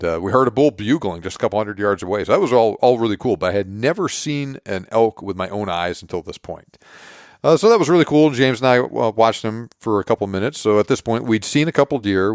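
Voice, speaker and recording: Low-voiced man recapping a story. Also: no room sound, studio quality. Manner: animated retelling, acting out quoted dialogue. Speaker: podcast host.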